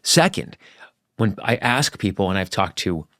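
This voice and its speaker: A man's voice: low voice, sing-song, a little slow, a bit bright, no echo, studio quality. A middle-aged man, a journalist guest in an interview, talking candidly and earnestly, acting out his anecdotes with animation.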